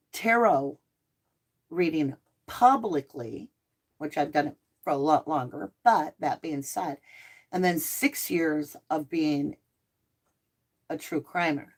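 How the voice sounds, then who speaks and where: A middle-aged woman with a mixed Southern and Northern American accent, hosting a casual live chat and answering viewer comments. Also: low-pitched. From Southern United States. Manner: chatty and animated, laughing easily. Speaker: live stream host.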